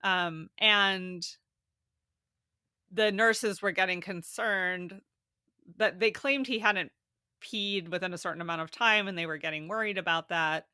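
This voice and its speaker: A woman guest tells her story in a casual, animated interview. She laughs often as she talks. Her voice is bright and crisp, recorded close on a dry mic. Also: on the low side, measured pace, no room sound. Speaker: podcast guest.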